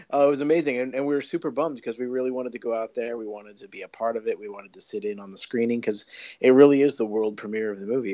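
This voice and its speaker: A man who is a filmmaker, a guest on a podcast, telling stories in a chatty, excitable way. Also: on the low side. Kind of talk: casual podcast chat.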